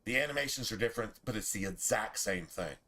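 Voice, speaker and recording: Man, game streamer, bright tone, rambling casual chat, swears a lot. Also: fairly low pitch, animated, fast talker, breathy edge. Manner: rambling, profane, laid-back. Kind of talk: casual gameplay commentary.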